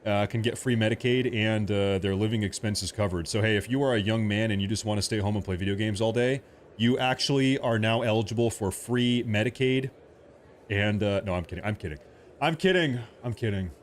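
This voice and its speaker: A man's voice: on the low side, a little fast, slight background noise. Rambling joking man hosting a livestream. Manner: rambling, joking, repeats himself. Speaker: political livestream host. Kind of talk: casual live commentary.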